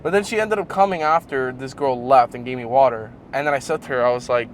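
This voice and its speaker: A man's voice: mid-range voice, fast, few pauses. Young man, casual vlog storytelling, swearing, rambling, faint traffic noise. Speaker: fitness vlogger.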